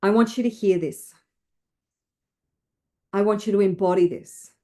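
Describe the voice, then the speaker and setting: A woman wealth coach leading listeners through slow, emphatic affirmations to repeat after her. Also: medium pitch, fairly even intonation, mellow.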